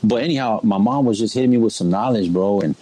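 Husky low-voiced man telling his story. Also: fast talker, warm tone, poor audio. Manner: laid-back street slang, keeps saying "bro" and "you know what I mean". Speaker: guest sharing his life story. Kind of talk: casual spoken testimony.

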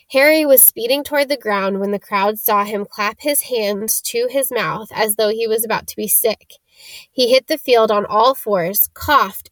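A woman reads a children's fantasy novel aloud in a slightly high voice, steadily telling the story. The sound is dry and close, with no room around it. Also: a bit bright, no room sound. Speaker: audiobook reader. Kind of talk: reading a novel chapter aloud.

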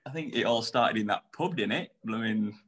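A British man with a slight Australian twang, a podcast guest on a video call, relaxed and matey as he reminisces. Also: lowish voice, normal speed. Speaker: podcast guest, former cyclist. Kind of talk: casual podcast interview.

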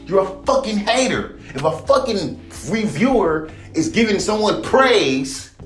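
A man's voice: high voice, sing-song, measured pace, reverberant, soft background music. A man hosting a podcast, delivering a heated, profane monologue and often repeating himself. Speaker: podcast host. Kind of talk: ranting monologue.

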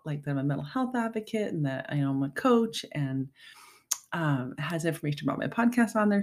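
A woman's voice: lowish voice, darkish tone. A woman hosting a podcast and working as a mental health coach, telling a personal story in a chatty, heartfelt way with lots of fillers and laughs. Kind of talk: casual storytelling monologue.

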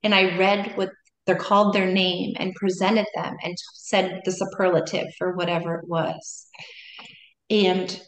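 A middle-aged woman, a yoga and meditation teacher, speaks unhurriedly in a lowish voice with a level tone. As a guest in a casual interview she talks in loose, trailing sentences full of restarts, and the recording has a roomy echo.

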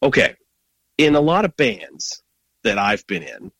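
A man's voice: on the low side, sing-song, measured pace, a bit bright, husky, rough recording. A man guest-hosting a music podcast, talking eagerly and searching for words as he describes songs. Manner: enthusiastic, searching for words, many restarts. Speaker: guest co-host. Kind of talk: casual music chat.

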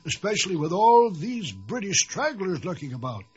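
A man playing a kindly, courteous gentleman doctor, gentle and reassuring. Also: high-pitched, sing-song, normal speed, soft background music. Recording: dull lo-fi audio.

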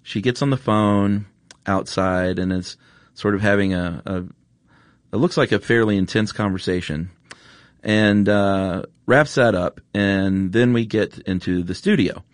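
A man's voice: on the low side, measured pace, dry recording, studio quality. A man hosting a podcast, telling a story in a casual, earnest way with plenty of fillers. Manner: earnest, emotional, chatty with many fillers. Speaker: podcast host. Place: podcast studio.

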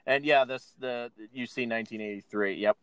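Over a loud crowd, a man with a mid-range voice talks a little fast, casually walking through a film scene by scene as a podcast co-host. He laughs often and acts out what the characters say.

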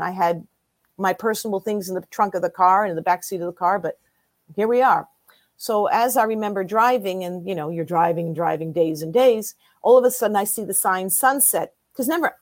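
A woman in her sixties, a guest in an interview, telling her story in a lively way and acting out what other people said. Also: mid-range voice, no room sound. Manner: lively storyteller who acts out quoted voices.

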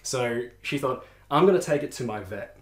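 A young man telling a story in casual podcast chat, animated and laughing, with many restarts. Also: mid-range voice, moderate pace. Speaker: podcast co-host. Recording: echoey room.

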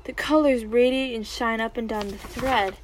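A sly old merchant with a showman's flattering patter, as a woman reading a storybook puts him on. He talks in a light, lively way. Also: on the high side, moderate pace, slight background noise, natural voice, low-quality recording. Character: sly smooth-talking old male merchant.

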